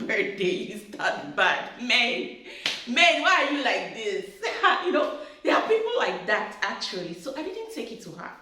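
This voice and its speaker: A woman giving marriage advice through a personal story, chatty and animated, who laughs often. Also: fairly high pitch. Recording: very echoey room.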